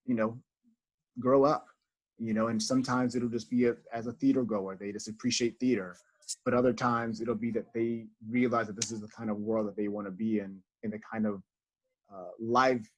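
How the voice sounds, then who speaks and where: Thoughtful guy on a video call, middle-pitched voice, lots of you knows and ums. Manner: earnest, thoughtful, with many fillers. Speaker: associate house manager, guest. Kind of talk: reflective interview over video call.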